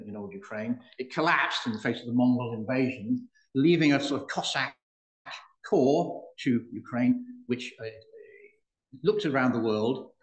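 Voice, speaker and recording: An older man from the United Kingdom giving a public lecture, with dry humor and frequent restarts. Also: medium pitch. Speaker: guest speaker. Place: public hall. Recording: roomy hall.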